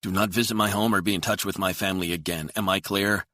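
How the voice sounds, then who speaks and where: A man voicing an angry, frightened journalist who snaps and protests in tense bursts, pitched above his own voice. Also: steady tone, fast, pushed and bright, no room sound, studio quality. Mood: agitated. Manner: tense, agitated outbursts.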